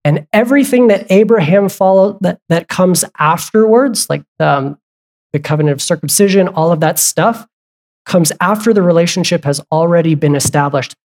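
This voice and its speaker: A pastor preaches conversationally, firing question after question at the congregation and breaking off for asides and quick corrections. His voice is mid-range and a little mellow.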